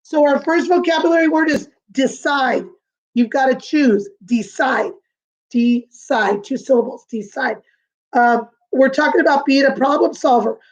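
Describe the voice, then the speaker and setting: Patient sing-song woman teacher, lo-fi. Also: sits high. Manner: patient, sing-song teacher talk, repeats words slowly. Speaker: kindergarten teacher. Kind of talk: remote video lesson for young children.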